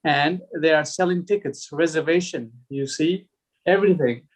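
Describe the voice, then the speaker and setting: Discussion leader, male, a touch high-pitched, reads texts aloud in an unhurried, chuckling way. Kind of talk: reading aloud and group discussion.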